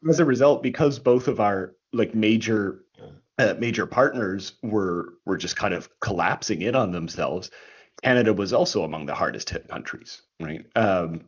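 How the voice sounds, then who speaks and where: A man with a low, husky voice talks through history in a casual, explanatory way. He restarts his sentences often and keeps checking in with "right?". The sound is dull and lo-fi. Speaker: history podcast co-host. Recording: dull lo-fi recording.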